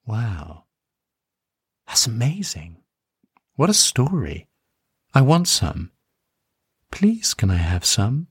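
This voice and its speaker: Man voicing a soft-spoken hungry young woman. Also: medium pitch, expressive, a little slow, no room sound, studio quality. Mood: pleading. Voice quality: soft whisper-like voice.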